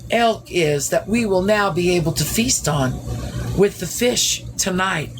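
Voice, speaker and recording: A woman's voice: fairly low pitch, expressive, unhurried, noisy background. A woman voicing a brave, eager young woman warrior, spoken in a plain storytelling way.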